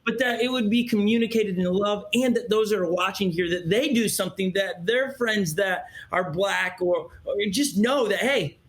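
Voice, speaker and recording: A man's voice: high-pitched, moderate pace, few pauses. A man hosting an interview, talking animatedly, acting out quotes and often restarting his sentences. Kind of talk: candid interview conversation.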